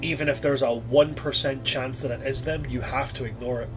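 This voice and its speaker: Man, game master, animated, stammering, medium pitch, faint background music. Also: a little fast. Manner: animated, swears, stammers when excited. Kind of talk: narrating a tabletop game.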